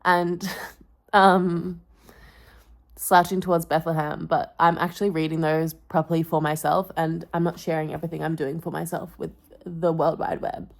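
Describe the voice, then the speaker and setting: A woman's voice: deep voice, flat delivery, fairly quick, vocal fry, hardly any pauses. A young woman vlogging casually, rambling in an offhand way with trailing fillers. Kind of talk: casual vlog chat.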